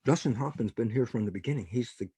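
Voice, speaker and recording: A man's voice: medium pitch, quick pace, warm tone, breathy edge, no room sound. An older man, a guest biologist on a podcast interview, telling stories with animation and acting out quoted dialogue. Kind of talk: interview conversation.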